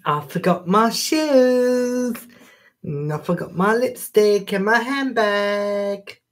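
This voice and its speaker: A man putting on a flamboyant camp character, sassy and dramatic, lilting and swooping up and down. He pulls out each word slowly. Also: sits high, voice pushed up. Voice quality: exaggerated camp lilt, swooping.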